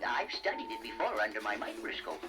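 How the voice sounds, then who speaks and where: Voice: mid-range voice, big pitch swings, brisk, close to an everyday voice, low-quality recording. A performer voicing a fussy, kindly older male inventor who stammers and giggles, speaking formally in a storybook cassette. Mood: explaining. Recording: loud music bed.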